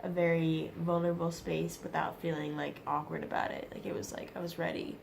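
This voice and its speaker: Young American woman with gravelly fry. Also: low voice, level tone, fairly quick, a little mellow, a little hiss or hum. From United States. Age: young adult. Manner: chatty, lots of "like". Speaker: student interviewee. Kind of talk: casual interview answers.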